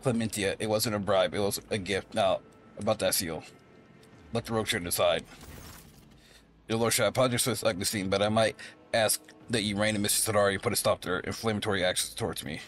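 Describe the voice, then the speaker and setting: A man reading as a smooth scheming trader. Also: lowish voice, steady tone, fast talker, a bit bright, lightly acted. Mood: wheedling. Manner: wheedling, flowery reading.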